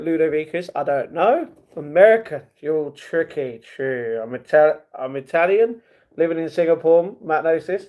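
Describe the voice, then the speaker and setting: A man's voice: on the high side, a little mellow. A man from the United Kingdom hosting a casual livestream, reading viewer comments aloud and reacting to them. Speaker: livestream host.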